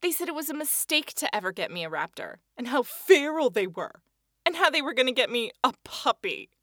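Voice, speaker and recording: A woman's voice: high voice, big pitch swings, fairly quick, bright, forceful tone, dry recording, clean studio sound. A woman narrating a first-person children's story in an earnest, childlike telling.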